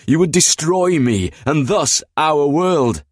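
A man's voice: on the high side, expressive, breathy edge, no room sound, studio quality, pitched above the performer's own voice, heavily acted. A man voicing a solemn, sorrowful godlike male warrior who speaks in grave, formal sentences. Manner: grave, formal, measured speech.

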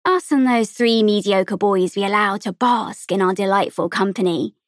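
A woman voicing a dry-witted teenage girl who talks in a deadpan way. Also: medium pitch, moderate pace, dry recording, lightly acted.

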